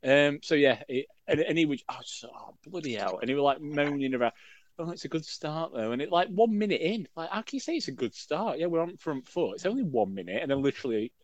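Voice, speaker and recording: A man's voice: on the high side, animated, quick pace, few pauses, muffled recording. A middle-aged man co-hosting a casual podcast, rambling and joking with lots of fillers and self-corrections. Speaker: podcast co-host. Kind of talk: casual chat.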